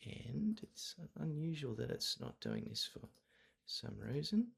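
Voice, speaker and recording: A man's voice: mid-range voice, big pitch swings, measured pace, gravelly, slightly rough. A man presenting an online marketing masterclass over a video call, talking conversationally with frequent fillers and restarts.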